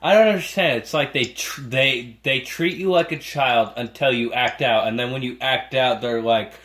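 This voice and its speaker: A man's voice: mid-range voice, normal speed, a bit bright. A young man in casual chat who chimes in with profane jokes as co-host. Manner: joking, interjecting, profane.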